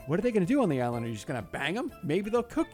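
A crude, joking man co-hosting a podcast, setting up a silly game in a slightly high voice. He swears freely, and music plays clearly underneath him. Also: big pitch swings, rapid-fire, darkish tone. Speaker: podcast co-host. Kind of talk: casual chat.

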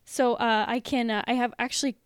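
Female guest, frank and giggly, smooth clear voice, dry close mic. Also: a little high, flat delivery, brisk, no echo. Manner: frank, giggly, matter-of-fact. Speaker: podcast guest. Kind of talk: casual crude podcast chat.

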